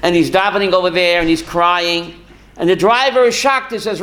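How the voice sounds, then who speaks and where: A man's voice: sits high, moderate pace, a bit bright. A rabbi teaching a class, asking questions to his students and answering them himself, with Hebrew and Yiddish terms worked into his talk. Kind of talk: Torah class.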